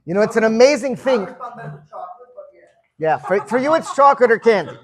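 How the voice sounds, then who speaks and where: Man in his fifties, high voice, chatty storyteller, leading a group talk. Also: expressive, moderate pace. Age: 50s. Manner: chatty, storytelling, repeats words when starting. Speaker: farbrengen leader. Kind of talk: informal gathering talk. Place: room with a gathered group.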